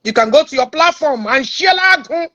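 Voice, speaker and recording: Nigerian woman, Igbo accent, high bright voice; scornful, combative online rant. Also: expressive, normal speed, highs cut off. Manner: mocking, confrontational, mixing English and Igbo. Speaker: social media personality. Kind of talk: heated social media rant.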